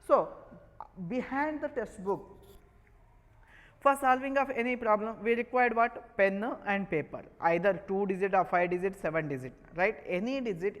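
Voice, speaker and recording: A maths teacher with an Indian English accent keeps asking questions and then answering them himself during an online lesson. He has a high voice with a long reverb tail, and the audio quality is poor.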